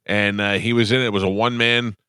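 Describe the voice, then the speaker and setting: A man with a very low, deep voice hosts a morning radio show, telling stories in a loose, rambling way full of "uh" and trailing thoughts. The studio mic sound is close and dry. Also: steady tone, fast talker, pushed and bright, clean tone, no echo. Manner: rambling storyteller, trails off with fillers. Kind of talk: casual studio banter. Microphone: studio microphone.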